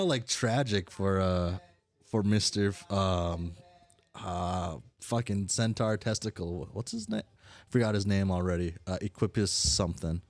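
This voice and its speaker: Young guy rambling about a webcomic, slow and halting, swears a lot, dry close sound. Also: low-pitched, no echo. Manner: rambling, halting, self-deprecating, swears freely. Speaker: webcomic reaction reader. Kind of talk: casual reading commentary.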